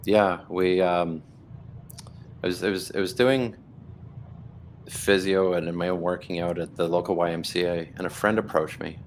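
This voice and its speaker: Deep gravelly man telling his story. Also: steady tone, normal speed, pauses often, a little hiss or hum. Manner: earnest, rambling with restarts and quoted dialogue. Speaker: guest, blood cancer survivor. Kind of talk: livestream conversation, personal storytelling.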